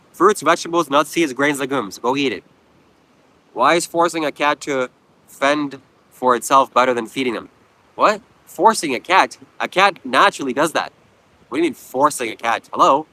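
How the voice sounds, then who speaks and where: A man's voice: medium pitch, animated, moderate pace, sharp tone, low-quality recording. A man hosting a live stream, reading viewer comments aloud and answering them with blunt, preachy, mocking lectures. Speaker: livestream host. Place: outdoors at a beach.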